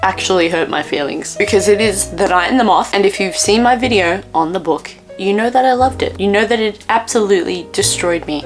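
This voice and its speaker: An Australian woman book vlogger reading reviews aloud in a casual, blunt, exasperated way, swearing freely and dropping to near-whispered asides. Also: medium pitch.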